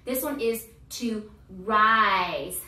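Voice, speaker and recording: A woman's voice: medium pitch, extremely slow, bright, forceful tone. A woman in her thirties teaching a grammar lesson, chanting verb forms in a cheerful sing-song while she coaches a child. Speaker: homeschool teacher and channel host. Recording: roomy echo, voice from far off.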